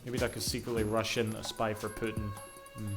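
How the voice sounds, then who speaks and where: A man's voice: lowish voice, little pitch movement, a little fast. Scottish male streamer, loose chatty commentary with plenty of cursing, music underneath. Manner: chatty, swears freely while fretting over crashes. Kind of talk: casual gameplay commentary. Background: game music.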